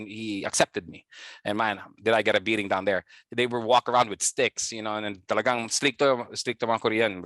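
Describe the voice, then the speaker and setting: A man's voice: fairly low pitch, a bit bright, no echo. Chatty Filipino man telling stories. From Philippines. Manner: chatty, laughs often, many fillers. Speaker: guest, band founder. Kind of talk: casual interview storytelling.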